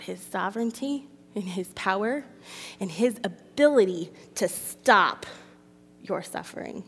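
A woman's voice: medium pitch, expressive, a little slow, slightly rough. A woman reading scripture and giving an emotional, confessional testimony to a women's gathering. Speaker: women's ministry speaker. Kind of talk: personal testimony sermon. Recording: long hall reverb.

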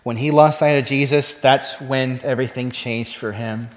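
A male pastor delivers a sermon in an easy, talky manner, and he keeps turning to his listeners with questions. His voice sits at an ordinary middle pitch. The sound carries a long reverb, as if it were recorded in a big hall. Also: fairly even intonation, moderate pace. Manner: conversational, asks the congregation rhetorical questions.

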